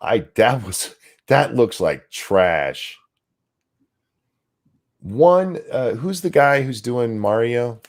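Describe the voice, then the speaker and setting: A man co-hosting a casual podcast chat, animated and profane, tripping over words as he reads viewer comments aloud. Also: mid-range voice, extremely slow, long pauses. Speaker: co-host.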